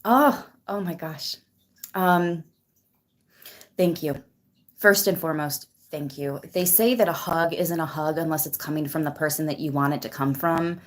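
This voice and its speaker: A woman's voice: deep voice, normal speed. A woman hosting a tarot channel, chatting casually on a livestream while near tears, emotional and grateful as she greets viewers by name. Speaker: tarot reader and channel host.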